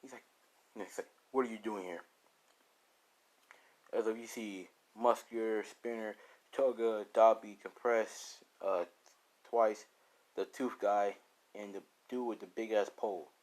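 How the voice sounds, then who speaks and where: A man's voice: on the low side, level tone, unhurried, darkish tone, rough recording. A young man casually improvising a fan story, rambling with lots of fillers and the odd swear.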